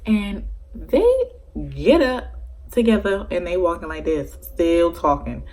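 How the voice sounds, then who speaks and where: A young woman vlogger talking straight to her camera, swearing freely in a loose, animated story-time. Her voice sits a little low for a woman. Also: measured pace, rough recording. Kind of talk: casual story-time vlog.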